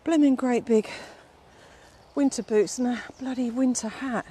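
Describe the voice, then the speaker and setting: A woman's voice: a little high, steady tone, a little slow, dark tone, slight background noise. A middle-aged woman, a fitness instructor rambling in a casual vlog outdoors, out of breath while walking up a steep hill with her phone. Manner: chatty, rambling, fond with her dog.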